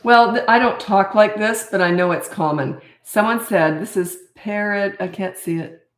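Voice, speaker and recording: During a live Q&A, an older woman from Canada who coaches parents talks bluntly and casually, laughing a lot and sometimes losing track of her point. She speaks at medium pitch and moderate pace in a roomy-sounding space.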